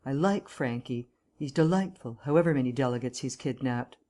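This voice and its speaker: A woman doing a gloomy, deadpan young correspondent. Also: extremely low pitch, moderate pace. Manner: flat, expressionless, rueful.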